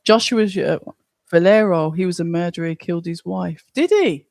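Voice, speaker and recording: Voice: medium pitch, steady tone, fairly quick, gravelly, a little mellow, no echo, studio quality. A host running a live watch-along stream, reading viewer comments aloud and chatting casually as they think aloud.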